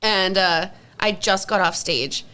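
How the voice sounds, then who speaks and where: Young adult woman, podcast co-host; animated, profane, chatty storyteller. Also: mid-range voice, slow pace, slight background noise. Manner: animated storytelling, swears freely. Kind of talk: casual chat.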